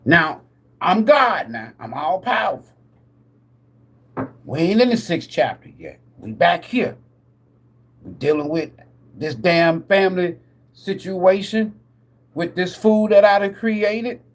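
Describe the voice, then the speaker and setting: A man hosting a live tarot stream, ranting like a preacher with lots of swearing. He laughs often, asks his viewers questions, and swings between loud bursts and muttered asides. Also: sits high, animated, takes it slowly, pauses often. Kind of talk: profane preacher-style rant.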